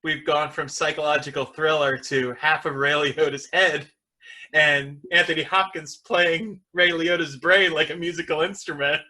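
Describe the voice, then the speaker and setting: A man hosting a casual podcast, his voice bright and a touch high, rambling along with wry jokes between questions for his guests. He sounds at ease in easy conversation. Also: fairly even intonation, moderate pace. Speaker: podcast host. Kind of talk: casual chat.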